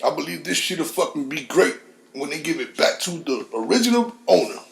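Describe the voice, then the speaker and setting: A gravelly man with a fairly high voice hosts his own podcast in a bare, echoey room. He rants with heat and plenty of profanity. His voice drops low, then jumps up into shouts. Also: very animated, fairly quick. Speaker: podcast host. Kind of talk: heated solo podcast rant.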